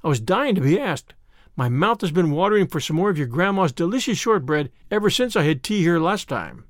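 A man's voice: fairly high pitch, very animated, a little fast, dry recording, clean studio sound. A man reading the part of a cheerful, kindly young woman teacher who speaks reassuringly. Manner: warm, gently reassuring.

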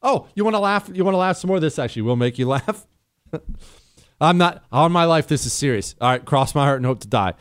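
A man's voice: mid-range voice, smooth, no room sound, clean studio sound. A man hosting a talk radio show, sarcastic and jokey, mixing opinion with ad reads. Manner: sarcastic, mocking, lively and jokey. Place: radio studio. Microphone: studio mic.

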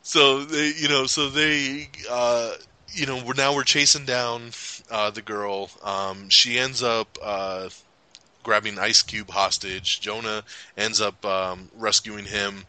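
A man's voice: slow pace, clear, resonant tone, dry recording, poor audio. A man hosting a casual movie review podcast, retelling scenes with lots of energy and acting out lines in exaggerated voices. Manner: animated, acts out movie lines in exaggerated high voices, laughs often. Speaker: podcast host.

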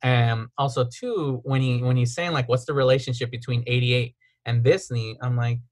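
A man's voice: medium pitch, fairly even intonation, normal speed. A man, a podcast host, telling a frustrating story in a casual rant, full of "like" and quoted texts. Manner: aggrieved, retelling texts with filler "like".

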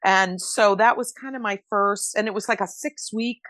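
A woman's voice: medium pitch, normal speed, fairly bright tone, no room sound. Blunt older woman telling stories. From Rhode Island. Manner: blunt, candid, emotional storytelling. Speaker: guest, stage actress. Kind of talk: casual interview chat.

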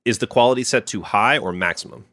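A man producing a podcast over a call who speaks in a calm, reassuring way. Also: lowish voice, quick pace. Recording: roomy, distant sound.

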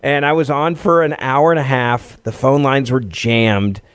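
Guest: man in his forties from Tennessee, lively storyteller, dry booth sound. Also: medium pitch, unhurried, clean tone, no echo. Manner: lively, laughs as he talks. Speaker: guest, radio host. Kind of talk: animated personal storytelling.

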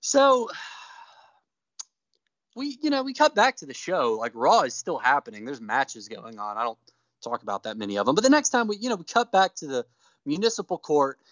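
A man's voice: fairly high pitch, moderate pace, dry recording, muffled recording. A man casually recapping a show with a co-host, acting out quotes in playful put-on voices. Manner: animated storyteller, acts out quotes in put-on voices.

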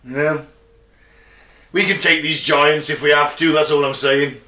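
A man's voice: on the high side, steady tone, unhurried, pushed and bright. A man co-hosting a podcast, bantering in a crude, jokey way, from England. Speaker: podcast co-host. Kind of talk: casual banter. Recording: echoey room.

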